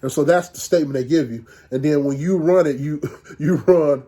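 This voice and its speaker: A middle-aged man giving a university lecture in a conversational, halting way, with frequent restarts and fillers. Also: fairly high pitch, dark tone.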